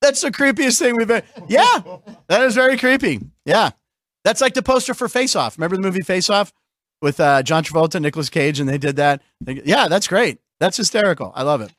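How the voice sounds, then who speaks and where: A man's voice: high-pitched, animated, a little fast, a bit bright, dry recording, clean studio sound. A man hosting a sports and comedy show, chatting casually and laughing often. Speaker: host.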